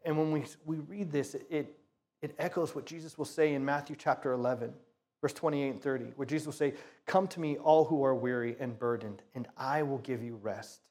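A man's voice: medium pitch, fairly even intonation, a little fast, a little mellow. Conversational man preaching a sermon. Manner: conversational, talks to the audience as "you guys"; repeats words as he restarts phrases while explaining. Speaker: pastor. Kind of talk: sermon with prayer and Bible reading.

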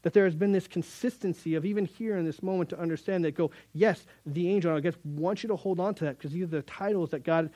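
Guy preaching, fairly high voice, lively, acts out the quotes, dry sound. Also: quick pace, hardly any pauses, no room sound. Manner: animated, acts out quotes, addresses listeners as guys. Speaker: pastor. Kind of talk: sermon. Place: room with young audience.

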